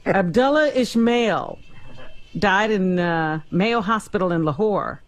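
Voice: mid-range voice, expressive, takes it slowly. A radio co-host making wry quips and reading a news item aloud. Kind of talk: casual radio banter.

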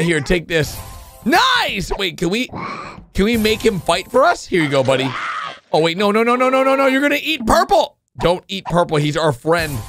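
A man giving excitable reaction commentary to cartoons, exclaiming and shouting often. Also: high-pitched. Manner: exclaiming, frequent shouts and laughs. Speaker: video reactor. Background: cartoon music and sound effects.

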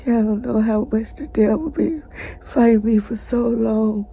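A distressed woman speaks slowly in a very breathy, husky high voice, short of breath. Her talk is halting and shaky, sliding from hushed whispers into tearful outbursts. The tone stays soft and mellow. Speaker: person telling her own ordeal online. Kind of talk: emotional personal testimony.

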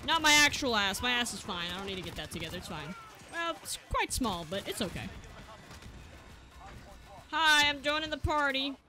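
High, excitable young woman gamer. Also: moderate pace, long pauses, music in the background. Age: young adult. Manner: excitable, yelling, joking, swings from shouts to mutters. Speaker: gaming streamer. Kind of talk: gameplay commentary.

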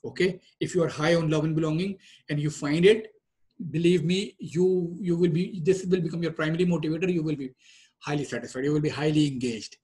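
A man's voice: on the high side, steady tone, brisk, darkish tone, slightly rough. A man teaching a lesson on emotional drives in a conversational way, with many fillers and restarts. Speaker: trainer. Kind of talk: lecture on group dynamics.

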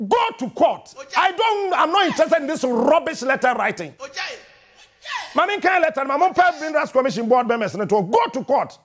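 A middle-aged man with a Ghanaian accent, a radio morning show host delivering a fiery, mocking on-air rant and often shouting in a studio. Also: extremely high pitch, very animated, normal speed.

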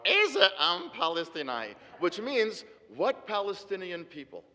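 A man's voice: on the high side, fairly bright tone. A middle-aged man giving an emphatic debate speech with rhetorical repetition, speaking in a large hall. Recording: hall reverb.

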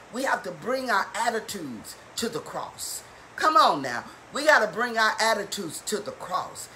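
A woman's voice: fairly high pitch, slight background noise, low-quality recording. A woman preaching at a Bible study, fervent and calling out to the congregation with rising exhortations. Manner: fervent call-and-response preaching, rising to shouts. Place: church or home, streamed live.

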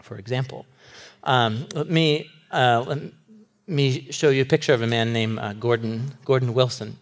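A man in his thirties preaching a sermon to a live audience, animated, laughing often and acting out characters' lines. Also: mid-range voice, normal speed. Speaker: pastor.

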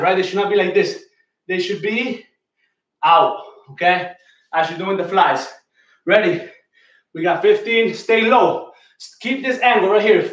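A man's voice: high voice, fairly bright tone. A man coaching a home workout, counting reps aloud and giving technique cues, somewhat out of breath. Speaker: fitness coach. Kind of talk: workout instruction with rep counting. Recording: echoey room, voice from a distance.

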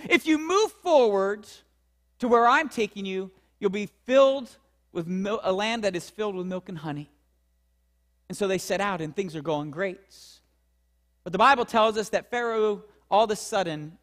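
A man with an unusually high voice delivers a sermon from the pulpit of a church. He preaches with a Central Pennsylvania accent, rising high and loud on key points and dropping low and slow to drive them home. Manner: preaching with dramatic swings in pitch and loudness, slowing for emphasis. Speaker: pastor. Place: church sanctuary.

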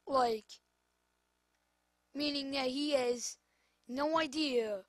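A woman's voice: high voice, extremely slow, no echo. A woman commentating her own football video game, exasperated and scolding the players on screen. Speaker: gamer. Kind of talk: gameplay commentary.

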